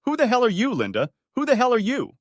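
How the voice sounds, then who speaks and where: A man's voice: medium pitch, sing-song, brisk, a bit bright, no echo, clean studio sound. Man playing a cold, betrayed husband. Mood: enraged. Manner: caustic, commanding. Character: betrayed husband, cold and controlled, flaring angry.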